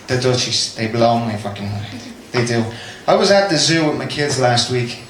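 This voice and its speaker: This Irish stand-up swears freely and teases his audience in a small basement venue. He speaks at normal speed in a mid-range, fairly bright voice with lively intonation, and the recording picks up room echo and faint background noise.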